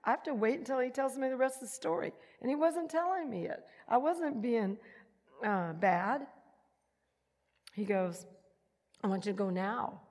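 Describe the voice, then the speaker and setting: A woman giving a personal testimony in an animated storytelling manner, acting out the voices she quotes. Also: fairly high pitch, moderate pace, pauses often. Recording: long hall reverb.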